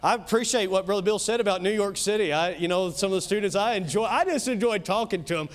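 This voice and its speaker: A man with a Kentucky accent preaching a sermon as pastor, emphatic, swinging between loud and soft, with quick asides. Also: sits high.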